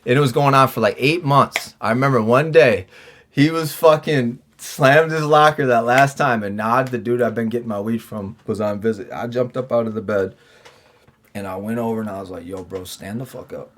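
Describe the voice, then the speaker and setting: A man's voice: mid-range voice, normal speed, a bit bright, slight background noise. A man recounts his time behind bars in loose, profane conversation. He stumbles through restarts and fillers. He slips into quoted back-and-forth as he talks. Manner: acts out his own and others' lines in quoted dialogue. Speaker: podcast guest, former prisoner. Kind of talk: casual storytelling interview.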